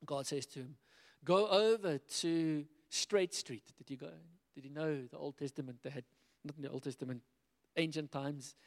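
A man preaching a sermon in a lively way, acting out the dialogue of biblical figures as he retells the stories. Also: medium pitch, brisk, gravelly. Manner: animated, acts out biblical dialogue in quoted voices. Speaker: pastor. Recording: long hall reverb.

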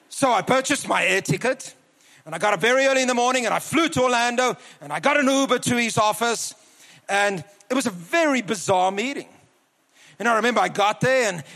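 A man preaching a sermon to a church, telling a personal story earnestly and slowing down for emphasis. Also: sits high, a bit bright, long reverb tail. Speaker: guest preacher. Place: large church hall.

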